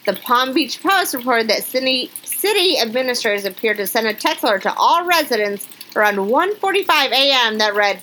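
A woman co-hosts a casual podcast, reading out funny news stories and reacting with quick exclamations. Her voice is bright and sits a little high, with a faint hiss in the background. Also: poor audio. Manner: chatty, animated, reacts with exclamations. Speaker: podcast co-host.

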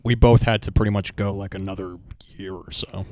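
A man in his twenties, a podcast guest, talking in a relaxed, rambling way with lots of "like" and casual swearing. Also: deep voice, brisk, slight background noise. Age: 20s. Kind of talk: casual chat.

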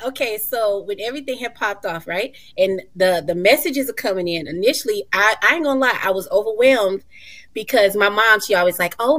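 A woman in her thirties, a mother, talking as a guest in a casual talk show, animated and emphatic with folksy endearments. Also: on the high side. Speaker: guest, mother and retreat organizer.

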